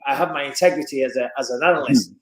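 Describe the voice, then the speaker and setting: Animated English man, echoey room. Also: very fast. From England. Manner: animated storyteller, lively swings in pitch and loudness. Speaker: guest, fight commentator. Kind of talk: casual podcast chat.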